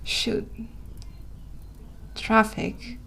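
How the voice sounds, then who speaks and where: A woman's voice: on the high side, very slow, gravelly, a bit bright, slight background noise. A young woman with a Dutch accent chats on her live stream in an easy, casual way. She sounds tired, laughs a lot, and stops to correct herself and say sorry. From Netherlands. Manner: giggly, self-correcting, apologetic.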